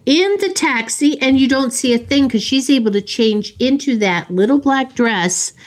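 A woman's voice: sits high, animated. A woman casually retelling a movie plot in a chat, slipping into the characters' lines as she goes. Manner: slow, storytelling with acted quotes.

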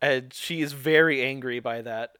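A man's voice: mid-range voice, normal speed, bright, forceful tone, smooth, no room sound, studio quality. A man co-hosting a podcast, recapping a show in casual chat, rambling and laughing often.

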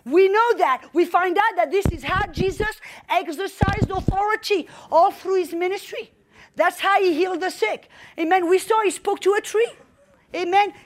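A woman preaching a sermon with fervent energy. She peppers her talk with "amen" and rises to shouted exclamations. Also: very high voice, normal speed, slight background noise. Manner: frequent "amen" and call-and-response.

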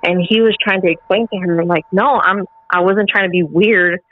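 A woman's voice: lowish voice, fairly even intonation, moderate pace, no room sound. A middle-aged woman, a podcast guest, telling a personal story casually and animatedly with lots of filler words. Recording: phone-like call audio with faint music.

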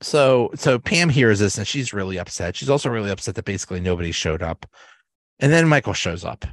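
A man hosting a podcast, casually retelling sitcom episodes in a rambling, halting way with restarts and laughter. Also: fairly low pitch, expressive, no echo. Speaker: podcast host. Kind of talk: casual solo recap.

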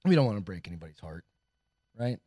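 A man's voice: on the low side, big pitch swings, quick pace, mellow, no echo, clean studio sound. Laid-back swearing male co-host. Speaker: podcast co-host. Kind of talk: casual live-stream chat.

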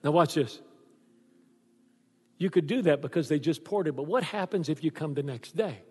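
An older man preaches a lively sermon, acting out the people in his stories. His voice sits a little high for a man. It rings with the long reverb of a large church hall. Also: moderate pace, breathy edge. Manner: animated storytelling, acts out voices in quotes. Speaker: pastor.

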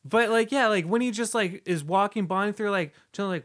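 A man's voice: high-pitched, moderate pace, few pauses, fairly bright tone. A young man co-hosting a casual podcast chat, rambling with many fillers and getting emotional. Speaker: podcast co-host.

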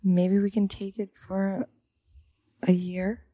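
A woman's voice: mid-range voice, flat delivery, takes it slowly, dark tone, dry recording. A woman co-hosting a casual chat podcast, tossing out blunt teasing quips and laughing along. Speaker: podcast co-host.

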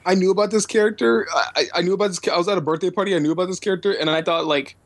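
A man in casual chat with friends, halting and stumbling over his words. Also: sits high, steady tone, no echo.

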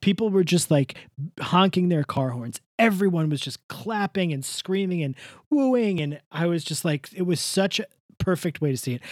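A podcast co-host spins a long, jokey story full of tangents and the odd swear word. The voice swings up and down with lively pitch, and the recording is dry and close with no room sound. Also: no echo. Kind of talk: casual chat.

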